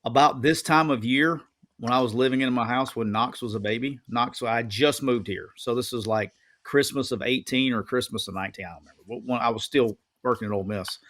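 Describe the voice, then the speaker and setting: A man in his thirties with a drawl, sitting in on a relaxed conversation. He tells his stories in an animated, rambling way, circling back and repeating phrases as he builds them up. His pitch sits in an ordinary middle range for a man. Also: fairly quick. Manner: animated, rambling storyteller who repeats himself. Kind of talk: casual storytelling chat.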